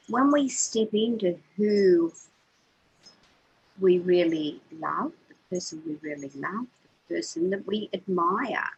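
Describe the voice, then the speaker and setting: A woman's voice: mid-range voice, breathy edge, muffled recording. An older woman, a co-host on a spiritual radio show, talking earnestly and repeating words as she gathers her thoughts. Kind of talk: heartfelt spiritual chat.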